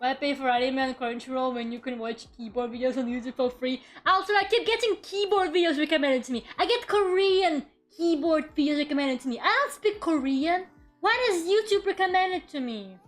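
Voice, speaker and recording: A woman's high-pitched voice moves fairly quickly over soft background music. She's streaming casually from her room at home, rambling, chatting with viewers and sometimes swearing.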